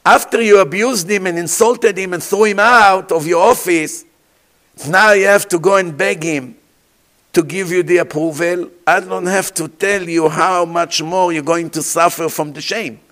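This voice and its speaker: High-voiced rabbi preaching a dramatic sermon. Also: male voice, fairly even intonation, normal speed, a bit bright. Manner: rhetorical questions to the audience.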